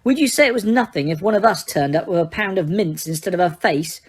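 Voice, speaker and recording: A woman's voice: lowish voice, expressive, a little fast, breathy edge. A woman voicing an outspoken teenage boy who asks blunt, pushy questions.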